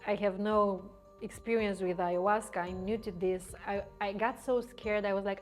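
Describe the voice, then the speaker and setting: A woman's voice: medium pitch, moderate pace, soft background music. A woman vlogger casually retelling a personal story to the camera, rambling with many fillers and restarts.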